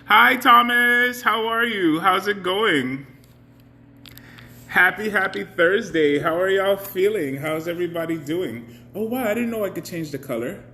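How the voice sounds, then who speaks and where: A man's voice: sits high, measured pace, pushed and bright. A man hosting a casual live stream, chatty, greeting viewers by name and laughing often.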